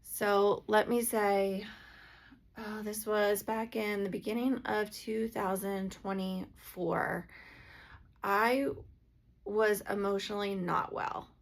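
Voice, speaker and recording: A woman's voice: mid-range voice, steady tone, slow pace, vocal fry. A woman and energy healer talking earnestly in a casual, heartfelt vlog, with plenty of filler "like"s.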